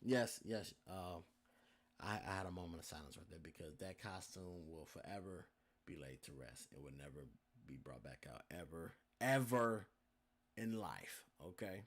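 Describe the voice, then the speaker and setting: A man's voice: low voice, normal speed. A young man hosting a podcast, telling a story casually with lots of swearing and talking straight to his listeners. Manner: animated, profane, addresses listeners as y'all. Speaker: podcast host.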